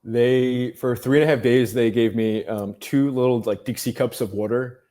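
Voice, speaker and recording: A man speaks at an ordinary middle pitch as a podcast guest. He tells his story at length, dropping in "um"s and "you know"s and restarting sentences as he goes. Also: steady tone, normal speed, warm tone. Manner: storytelling, many fillers and restarts. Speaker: guest journalist. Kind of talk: casual podcast interview.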